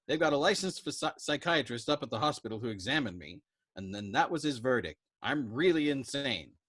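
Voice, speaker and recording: A man's voice: medium pitch, animated, a little fast, a bit bright, husky, voice pushed up. A man voicing a frantic young airman who argues emphatically. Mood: agitated. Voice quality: emphatic, agitated. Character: frantic young male bombardier.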